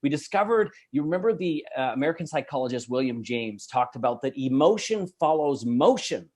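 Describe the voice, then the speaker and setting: Man from Canada, middle-aged, high-energy, emphatic, motivational speaker. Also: brisk. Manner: energetic, emphatic, laughs easily. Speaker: guest speaker. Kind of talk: motivational talk.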